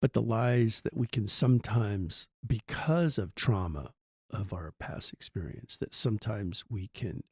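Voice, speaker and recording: Husky low-voiced man, thoughtful host. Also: a little slow, darkish tone, dry recording, clean studio sound. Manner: thoughtful, hesitant, many fillers and restarts. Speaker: podcast host. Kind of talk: casual interview conversation.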